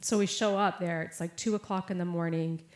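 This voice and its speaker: In an echoey hall, a chatty young woman preacher tells a personal story as part of her sermon, leaning on fillers and quoted voices in a casual storytelling manner. Her voice is on the low side, fairly even in intonation, and a little fast.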